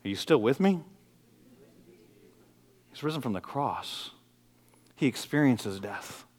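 A middle-aged man from the Detroit area, a pastor preaching a sermon, moving between loud, intense passages and quiet, intimate ones. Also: medium pitch, lively intonation, takes it slowly, long reverb tail. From Detroit area, USA.

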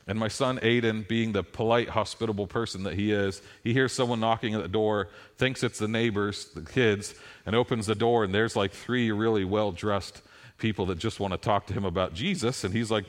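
A middle-aged male pastor preaches a sermon in an even, mid-range voice. He tells stories with animated, rising emphasis. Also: mid-range voice.

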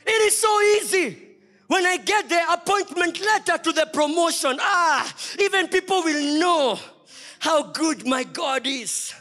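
A man preaching a sermon as pastor, swinging from loud shouts to quiet, low lines. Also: lively intonation, measured pace, soft background music. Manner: preaching with sudden shouts and soft drops. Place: church.

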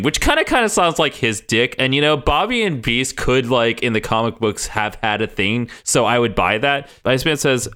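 Animated bright-voiced man recapping. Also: mid-range voice, clear, resonant tone. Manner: animated, swears, mimics the characters in quick bursts. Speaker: podcast co-host. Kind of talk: casual recap chat.

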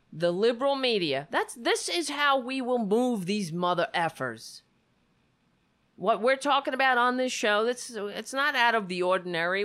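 A woman's voice: fairly low pitch, fairly bright tone. A woman hosting a heated political commentary show, talking in an indignant, sarcastic way and swearing freely.

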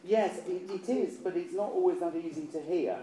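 A man's voice: high-pitched, normal speed, mellow. Man leading a choir rehearsal. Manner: chatty, encouraging, repeats words while thinking. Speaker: choir director. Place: rehearsal hall. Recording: echoey room with choir around.

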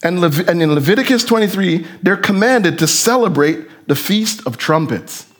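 A man preaching a sermon with fervent rhetorical questions, moving from hushed reading to shouting. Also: sits high, expressive, moderate pace.

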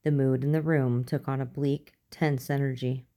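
A woman narrating a story aloud in a steady, even manner. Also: a bass voice, moderate pace. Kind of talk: audiobook reading.

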